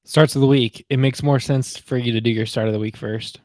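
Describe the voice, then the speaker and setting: A man co-hosting a sports podcast, answering calmly and briefly in casual chat. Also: medium pitch, brisk, no room sound, studio quality. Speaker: podcast co-host.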